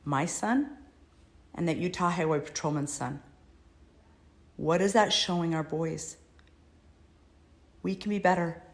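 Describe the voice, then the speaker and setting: A middle-aged woman with a deep, low-pitched voice talks straight to the camera as a mother. She is earnest and emotional, with a pleading, heartfelt manner. Her delivery is a personal address rather than a script. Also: a little slow, pauses often. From United States. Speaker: mother speaking out.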